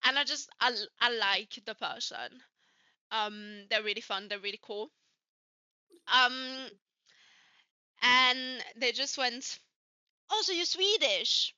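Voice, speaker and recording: A woman's voice: fairly high pitch, steady tone, slow pace, long pauses, sharp tone, clean tone, no echo, dull audio. A woman from Switzerland with a light Swiss French accent, co-hosting a casual chat and swearing freely as she acts out the people in her stories. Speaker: podcast co-host.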